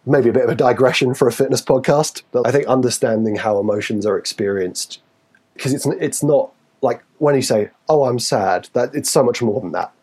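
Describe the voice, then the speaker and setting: Animated husky Geordie man. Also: a little fast. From Newcastle, England. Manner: animated, acts out quotes with sudden high pitch. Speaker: podcast co-host, fitness coach. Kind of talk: casual chat.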